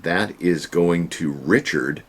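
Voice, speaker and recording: This channel host and online reseller talks slowly in a low voice. He keeps his home vlog casual and folksy, cracking jokes on the side while he stands in his storage room.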